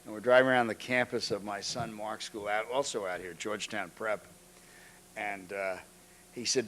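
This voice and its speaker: An older man giving an anecdotal lecture, halting often, restarting phrases and clearing his throat. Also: on the low side, fairly even intonation, fairly bright tone. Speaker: guest lecturer. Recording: archival lecture recording.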